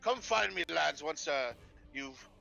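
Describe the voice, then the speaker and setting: A man's voice: on the high side, animated, measured pace, creaky, pushed and bright, highs cut off, faint music behind, pitched above the performer's own voice, heavily acted. A man voicing a pompous, boastful male wizard author with a grandiose, self-admiring manner. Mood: haughty.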